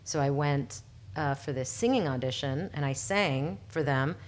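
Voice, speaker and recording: A woman guest telling stories in a casual chat, animated, laughing often and acting out the people she quotes. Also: deep voice, measured pace. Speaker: podcast guest, performer.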